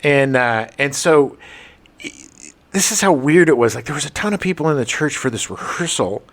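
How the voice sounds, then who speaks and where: Animated middle-aged man telling stories. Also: on the high side, moderate pace. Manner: animated, expressive, laughing storyteller. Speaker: podcast co-host. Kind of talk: casual chat, storytelling.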